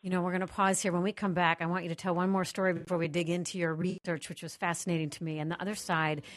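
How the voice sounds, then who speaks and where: A woman's voice: on the low side, little pitch movement, quick pace. A woman hosting a radio talk show, promoting a book and reading out contact details with emphasis.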